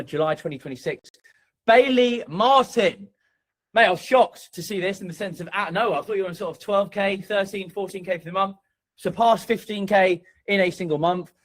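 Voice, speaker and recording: A man with a slightly high voice hosts a sales community and delivers pumped-up shout-outs. He swears freely and hammers his points with repeated phrases. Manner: hyped, swearing, punchy repetition. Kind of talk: motivational shout-out speech.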